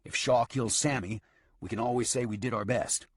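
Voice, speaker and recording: A man voicing a calm, scheming outlaw leader who gives firm orders in an audiobook. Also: mid-range voice, moderate pace, slightly rough, no room sound, studio quality, pitched above the performer's own voice, lightly acted. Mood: commanding. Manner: firm, commanding.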